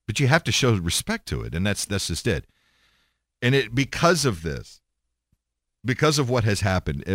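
A man hosting his own podcast, holding forth in a blunt, profane, rambling way. His pitch swings widely as he talks, and his voice sounds dry and close to the mic with no room around it. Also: fairly bright tone, dry recording. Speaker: podcast host. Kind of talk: casual monologue.

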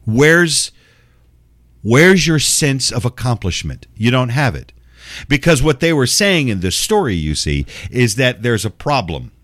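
A man's voice: medium pitch, sing-song, unhurried, a bit bright. An older man hosting a podcast, ranting with constant swearing and cranky sarcasm. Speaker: radio and podcast host. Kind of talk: profane ranting commentary.

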